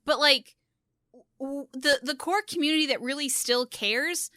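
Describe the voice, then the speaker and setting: A woman YouTuber chatting casually on a gaming podcast, animated and quick to laugh. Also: high voice, no echo, clean studio sound.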